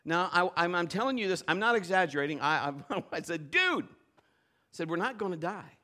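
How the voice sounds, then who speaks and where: A man preaching with a high, bright voice that swings all over the place. He tells a story in a sermon, laughing often and acting out every voice. He sounds middle-aged. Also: big pitch swings, moderate pace. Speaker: pastor.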